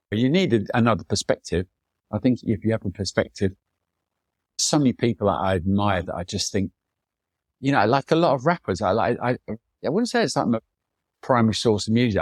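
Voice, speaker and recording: Deep-voiced man telling stories. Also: no room sound, studio quality. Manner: rambling anecdotal, mimics people in quotes. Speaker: photographer, podcast guest. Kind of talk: reflective storytelling in conversation.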